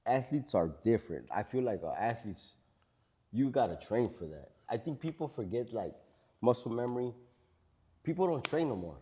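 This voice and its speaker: A man's voice: mid-range voice, animated, normal speed, mellow, breathy edge, in a large hall. A man hosting a podcast in a casual, enthusiastic way, full of slang. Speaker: podcast host.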